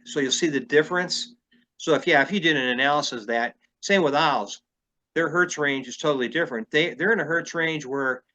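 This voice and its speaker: A man's voice: medium pitch, bright, forceful tone, dull audio. A man from Illinois, hosting an interview and explaining things at length, thinking aloud as he talks. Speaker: podcast host. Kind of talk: conversational interview.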